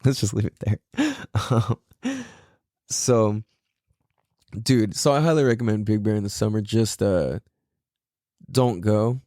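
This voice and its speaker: A man's voice: lowish voice, unhurried, long pauses, dark tone, no echo, studio quality. A tired young man hosting a casual solo podcast, talking in a laid-back, slangy way with a lot of swearing. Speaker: podcast host.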